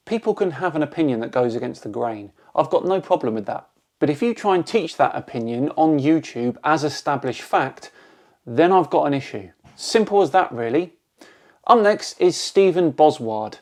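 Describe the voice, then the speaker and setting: A man from Bristol hosts, reading out viewer comments in a fairly high voice. He answers each one with a dry, sarcastic comeback. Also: animated, measured pace, darkish tone. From Bristol, England. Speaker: video host.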